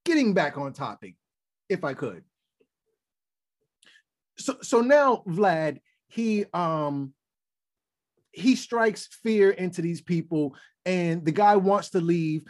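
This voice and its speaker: A man hosting a podcast, chatting casually and retelling history, animated and laughing often. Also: a little high. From United States. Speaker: podcast host.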